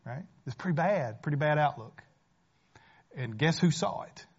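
A man preaching a sermon as pastor, talking conversationally, rising to emphatic points and dropping to hushed ones. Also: fairly high pitch, animated, normal speed, husky, dull audio.

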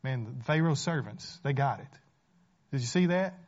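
A man preaching a sermon as pastor, talking conversationally, rising to emphatic points and dropping to hushed ones. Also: medium pitch, animated, unhurried, highs cut off.

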